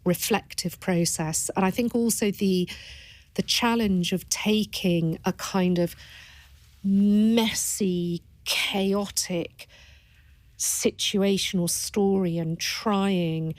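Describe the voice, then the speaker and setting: A woman's voice: medium pitch, fairly even intonation, slow, dry recording. A woman, a palliative care doctor, talking earnestly and thoughtfully in an interview, often restarting her phrases. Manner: earnest and thoughtful, with frequent restarts and repeated words. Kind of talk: reflective interview conversation.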